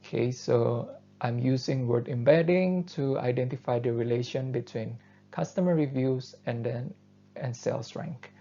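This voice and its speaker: A man who is not a native English speaker, giving a university lecture and explaining step by step, often pausing on fillers. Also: medium pitch, gravelly. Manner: thoughtful, steady explaining with frequent fillers. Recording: dull lo-fi lecture recording.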